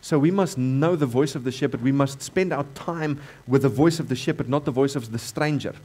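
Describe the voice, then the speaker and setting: Preaching in church, a man with a South African accent uses a husky, mid-range voice and talks a little fast. He returns again and again to key phrases, rising to loud emphasis and then dropping into quieter sections.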